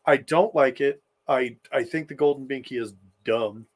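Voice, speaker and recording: A man's voice: mid-range voice, moderate pace. A man co-hosting a podcast in casual chat, blunt and opinionated. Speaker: podcast co-host.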